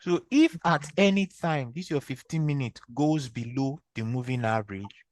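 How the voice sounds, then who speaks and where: Speaking at medium pitch and a moderate pace, with no echo, a man with a Nigerian accent teaches trading over an online screen share. He goes step by step with patience, repeatedly quizzing his students.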